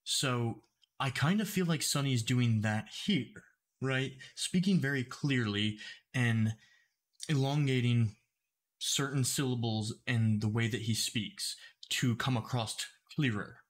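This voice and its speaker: A man making commentary videos who speaks deliberately clearly and explains his points step by step. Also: medium pitch. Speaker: YouTube commentator.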